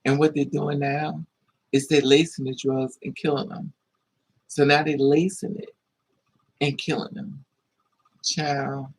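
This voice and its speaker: A man telling a story in a casual monologue, animated and acting out voices with high-pitched squeals. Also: a little slow, pauses often, breathy edge, rough recording. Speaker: live streamer.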